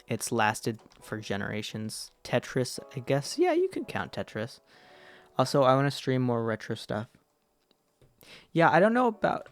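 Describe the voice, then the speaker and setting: Gravelly-voiced man rambling on a game stream. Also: mid-range voice. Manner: rambling, self-correcting, answers chat as he plays. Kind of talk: casual gaming livestream chat.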